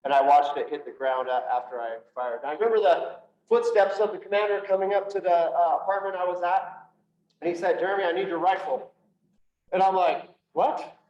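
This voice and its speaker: A man, a police officer, telling his personal story to an audience in an earnest way, slowing down for emphasis and acting out what others said. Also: high voice, a little mellow. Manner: earnest storytelling with quoted dialogue, slows for emphasis. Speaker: police officer and speaker on PTSD. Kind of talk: personal testimony talk to an audience. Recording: roomy echo from a distance, dull lo-fi sound.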